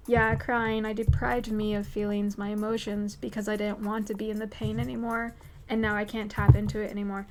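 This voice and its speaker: A woman's voice: mid-range voice, level tone, normal speed, a little mellow, slight background noise. A woman hosting a livestream, answering viewer questions in a candid, profane, emphatic way. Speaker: livestream host. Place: home streaming setup.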